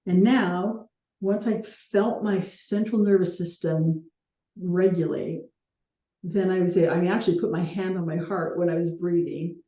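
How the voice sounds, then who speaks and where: A woman's voice: lowish voice, steady tone, unhurried, mellow, roomy sound. A woman hosting a coaching call, talking earnestly and reflectively with light laughs now and then.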